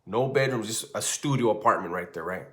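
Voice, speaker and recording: A man's voice: fairly low pitch, fairly quick. Loose-talking man in his forties telling a story. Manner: loose, profane and animated, lots of "right?" asides. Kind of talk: casual spoken storytelling.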